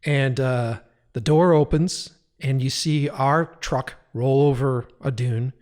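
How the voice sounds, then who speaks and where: A man's voice: mid-range voice, slow. A man in his thirties, a director guest on a podcast, telling stories casually, laughing often and swearing freely. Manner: profane, animated, laughs while telling stories. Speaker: music video director guest.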